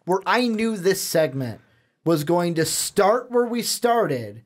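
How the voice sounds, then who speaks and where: A man's voice: high-pitched, sing-song, slow pace. Rambling young Chicago man. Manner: rambling, loose, storytelling. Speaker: podcast host. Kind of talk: casual chat.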